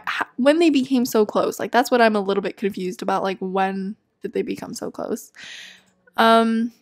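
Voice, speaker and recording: A young woman giving casual gameplay commentary, chatty and easily exasperated, laughing often. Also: on the high side. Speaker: let's play gamer.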